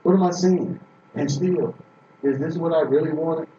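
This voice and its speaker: A man's voice: fairly high pitch, moderate pace, mellow, slight background noise. A man preaching a sermon from Boston, telling stories emphatically with frequent repeated restarts. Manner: emphatic storytelling, repetitive restarts. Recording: echoey room from far off, dull sound.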